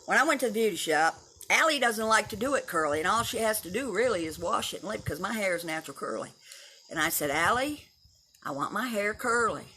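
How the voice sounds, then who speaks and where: Brisk and sharp, with a medium-pitched voice and lively intonation, this seventy-something Texan livestreamer chats with viewers from her house and yard. She's blunt and opinionated, swears freely, and addresses her audience directly, with a little hiss or hum in the audio.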